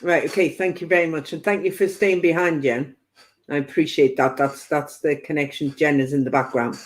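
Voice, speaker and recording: A woman's voice: sits low, fairly even intonation, brisk. A woman working as a spiritual medium, giving a chatty live-stream psychic reading and passing on spirit messages with playful quoted asides.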